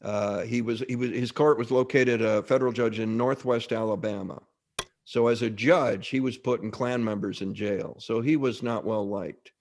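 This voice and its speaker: A middle-aged actor, appearing as a guest in a casual interview, speaks in a mid-range voice at a moderate pace. His talk rambles with lively anecdotes and frequent restarts.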